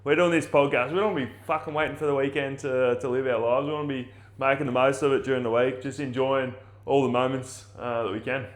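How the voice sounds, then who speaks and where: A middle-aged Australian man hosting a podcast in casual chat, excitable, swearing and laughing easily. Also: mid-range voice, fast, few pauses. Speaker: podcast host.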